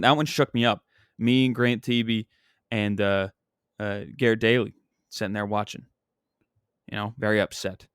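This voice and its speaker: A young comedian hosts his own solo podcast, chatting casually and venting as an exasperated sports fan, rambling along with frequent "you know what I mean." His medium-pitched voice is clean, and the studio recording has no echo.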